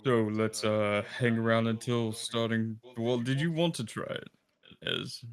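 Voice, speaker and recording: A man's voice: mid-range voice, unhurried. A man playing a tabletop game, chatting and joking with his group. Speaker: player. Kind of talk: casual tabletop game chat.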